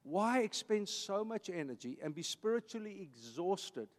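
A man's voice: high voice, very animated, moderate pace, big-room sound. A man in his fifties from South Africa with an Afrikaans accent, a pastor talking emphatically to his church. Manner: emphatic, preacherly, with repeated phrases. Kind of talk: talk to a church audience.

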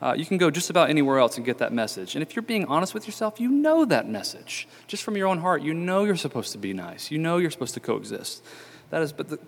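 Conversational pastor in a reverberant church. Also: male voice, a little high, very animated, fast talker, gravelly. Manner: conversational, many fillers and restarts. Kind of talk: sermon. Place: church sanctuary.

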